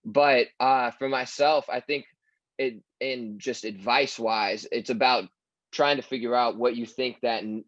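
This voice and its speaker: Low-voiced young man, reflective. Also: no room sound. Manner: reflective, thoughtful, with many restarts. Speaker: student panelist. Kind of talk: panel advice. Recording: dull, muffled dry sound.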